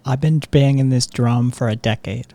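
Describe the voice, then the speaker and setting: A live stream host chatting casually and reading viewer comments in a soft, sedated way, with frequent ums and laughs. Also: mid-range voice, normal speed.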